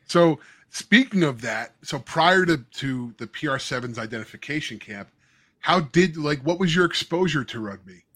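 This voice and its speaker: A man's voice: a little high, animated, moderate pace, fairly bright tone, no room sound, clean studio sound. A man co-hosting a casual podcast, rambling with many restarts. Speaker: podcast co-host.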